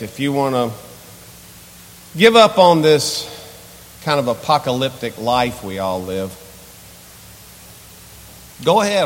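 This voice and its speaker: A man's voice: mid-range voice, in a large hall. A male pastor preaching a sermon with impassioned, repetitive rhetorical questions, in a church sanctuary.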